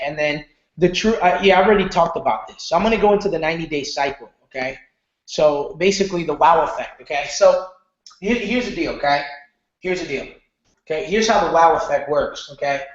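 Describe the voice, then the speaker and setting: Animated marketing coach in echoey room. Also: male voice, a little high, a little fast, muffled recording. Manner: animated, repeats "okay?", loose slangy talk. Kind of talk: casual training lecture.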